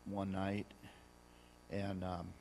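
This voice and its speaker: Deep-voiced man, slow, hesitant testimony. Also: completely flat delivery, darkish tone, slight background noise. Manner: slow, reluctant, hesitant with fillers. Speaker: husband sharing a testimony. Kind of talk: personal testimony in a church talk.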